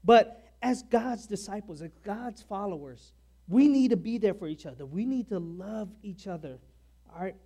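A man preaching a sermon to a church in a chatty way, checking in with "all right?" after nearly every point. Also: high-pitched. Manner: conversational, repeats "all right?" often; loud and soft in turns, stressing key words.

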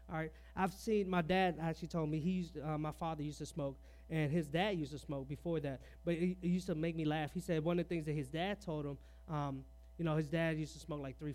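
A man whose voice is fairly high and a little mellow delivers a parenting sermon in a sincere, chatty style. Rhetorical questions come rapidly, "all right" bridges his points, and he weaves in stories from his own life.

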